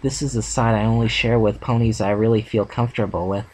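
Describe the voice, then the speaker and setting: A man voicing an earnest, heartbroken female farm pony, reading her lines gently in a plain voice. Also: on the low side, steady tone, brisk, lightly acted, rough recording. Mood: sad, tearful.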